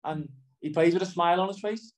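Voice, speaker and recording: In a casual interview, a middle-aged footballer with a Liverpool accent rambles and keeps asking "do you know what I mean". His voice is high and brisk, and the recording is rough.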